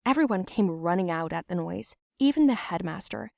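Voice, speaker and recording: A woman's voice: lowish voice, expressive, normal speed, vocal fry, a little mellow, no room sound. Brief: young female narrator, matter-of-fact storybook read, dry close mic. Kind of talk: scripted first-person storybook narration.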